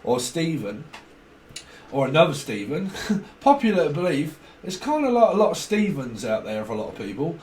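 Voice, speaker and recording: Man, tarot reader, rambling and casual, slightly high voice, faint background noise. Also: big pitch swings, normal speed, a little mellow, roomy sound. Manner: chatty, rambling, acts out snippets of dialogue, swears casually. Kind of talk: rambling tarot reading monologue.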